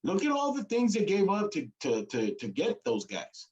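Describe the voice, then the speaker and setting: A man's voice: high-pitched, huge pitch swings, normal speed, a little mellow, dull audio. A man co-hosting a casual sports chat, rambling and hesitant, often fumbling for names. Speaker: co-host. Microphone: streamed call mic.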